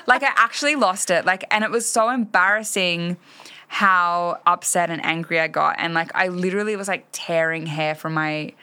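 A woman's voice: fairly low pitch, normal speed, clear, resonant tone. A woman co-hosting a podcast, chatting casually and acting out her own quotes as she tells stories. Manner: animated storytelling, acts out quotes. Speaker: podcast co-host. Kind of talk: casual chat.

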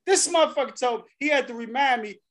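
A man's voice: extremely high pitch, fast, a bit bright. A man co-hosting a podcast, telling a long, profane story in casual banter. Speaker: podcast co-host.

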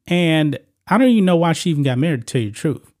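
A man's voice: fairly high pitch, expressive, fast, a little mellow. A male channel host giving opinionated celebrity news commentary, blunt and moralizing, talking straight to his viewers.

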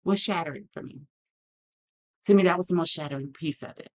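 A woman's voice: deep voice, brisk, a little mellow. A woman talking candidly as a podcast guest, earnest and reflective, acting out the lines of others in her story.

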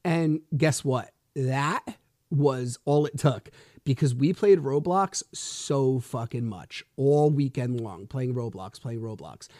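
Male podcast host, 30s, mellow voice with a dry sound, swearing freely as he tells his story. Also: mid-range voice, slow pace, no room sound. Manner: blunt and profane, retelling events with heat. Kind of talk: casual solo storytelling monologue.

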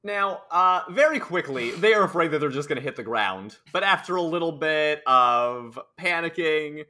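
A man with a bright, slightly high voice recaps a cartoon episode in casual podcast chat. He summarizes steadily and teases his co-host dryly. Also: moderate pace. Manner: steady summarizing, dry teasing.

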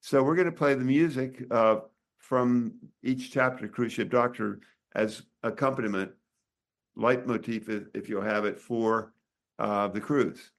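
An older man, a doctor and author, talking in a relaxed interview with many restarts and pauses. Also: mid-range voice. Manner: rambling, halting, many restarts. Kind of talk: casual interview chat.

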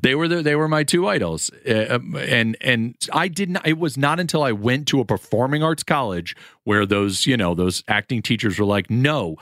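A man's voice: mid-range voice, moderate pace, few pauses, dry recording, clean studio sound. A man in his forties, a guest and actor, chatting casually and telling rambling stories while acting out the voices of people he quotes. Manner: rambling animated storytelling, acts out quoted voices. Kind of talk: casual chat.

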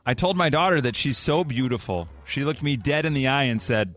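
A man's voice: mid-range voice, lively intonation, moderate pace, fairly bright tone, soft background music. A man hosting a morning radio show, joking around, laughing often and reading out listener texts. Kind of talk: casual radio banter.

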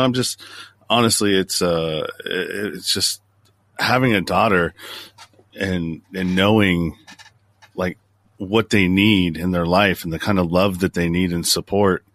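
A man hosting a podcast, speaking in a halting, emotional way with many restarts. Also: low voice, a bit bright, no room sound. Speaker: podcast host. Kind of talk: conversational podcast chat.

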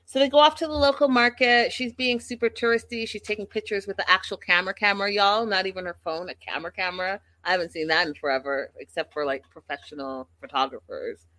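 A woman's voice: medium pitch, quick pace, hardly any pauses, pushed and bright, no echo. Chatty, gossipy woman livestreamer. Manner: chatty, gossipy, addresses the audience directly. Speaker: livestream host. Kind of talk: casual recap chat.

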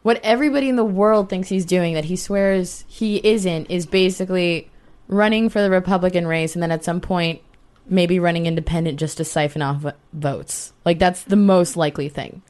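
A woman co-hosts a podcast in animated, casual chat. She talks with a sarcastic edge in a fairly low voice. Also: normal speed. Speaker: podcast co-host.

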